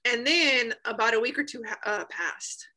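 A woman in her thirties telling an emotional personal story, animated, often laughing and acting out what people said. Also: a little high, moderate pace, rough recording. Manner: animated, laughs often, acts out quoted voices. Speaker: guest sharing a healing testimony.

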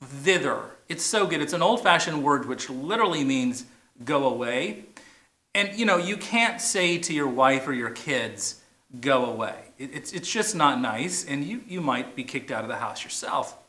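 Casting: male pastor, bright forceful voice, playful sermon delivery, echoey hall. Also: fairly high pitch, animated. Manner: playful, drawn-out emphasis on key words. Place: large church or plaza. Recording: echoey, roomy sound.

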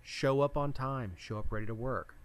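A man's voice: medium pitch, normal speed. A man co-hosting a casual political talk show, speaking bluntly in a folksy way. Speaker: podcast co-host.

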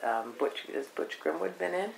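A woman's voice: deep voice, lively intonation, gravelly, a little hiss or hum. Older woman reminiscing in an echoey room. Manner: rambling, reminiscing, many pauses. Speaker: oral history interviewee. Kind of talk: reminiscing interview.

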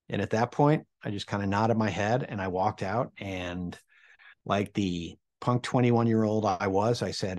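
A man's voice: on the low side, normal speed. A man in his forties telling a personal anecdote, acting out the people he quotes with big jumps in his voice. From Midwestern United States. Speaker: storyteller. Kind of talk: personal anecdote told to camera.

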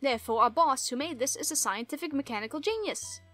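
Woman doing a shouty bratty villain grunt. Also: sits high, animated, fast talker, soft background music. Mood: blustering.

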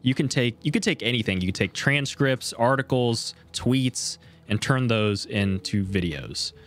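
A man hosting a casual tech tutorial, explaining each step in a relaxed, conversational way. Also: medium pitch, measured pace. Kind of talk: casual screen-recorded tutorial.

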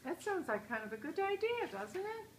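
A woman's voice: very high voice, sing-song, normal speed. Older woman reading a storybook to kids. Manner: asks children questions, gently moralizing. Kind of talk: picture book read-aloud with asides to kids. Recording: roomy echo, faint hiss.

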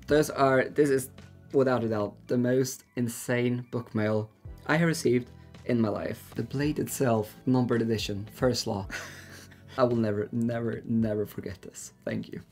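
A man hosting a book haul video, gushing and exclaiming as he unboxes his book mail. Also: mid-range voice. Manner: excitable, gushing, breathless exclamations. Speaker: book YouTuber.

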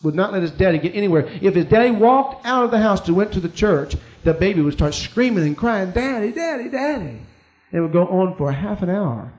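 A man with a high, light voice preaches to his congregation, telling a personal story. He swings from quiet, confiding asides to emphatic, rising declarations. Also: fast, hardly any pauses, lo-fi sound. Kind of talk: sermon.

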